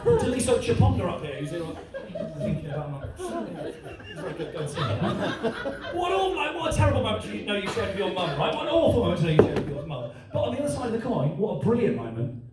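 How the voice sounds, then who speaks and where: A man performing a stand-up comedy set, telling a story in an animated way and checking in with the audience. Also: sits high, fast talker, heavy background noise. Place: comedy club stage. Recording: echoey club, from far off. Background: audience laughter.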